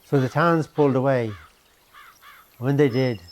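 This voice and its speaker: A man narrating a documentary story in measured, short phrases. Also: medium pitch, slight background noise.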